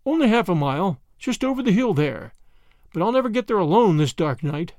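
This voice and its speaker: A woman's voice: mid-range voice, big pitch swings, fairly quick, darkish tone, dry recording, clean studio sound, close to an everyday voice. A man voicing a kindly, stubborn old grandmother who talks in a fussy, earnest way. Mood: fretful.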